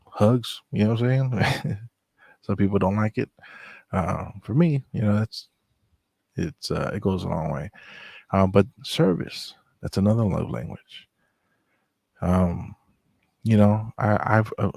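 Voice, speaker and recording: A middle-aged man telling personal stories in a relaxed, reflective way, with many fillers. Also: sits low, vocal fry, breathy edge, dry recording. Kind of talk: casual storytelling chat.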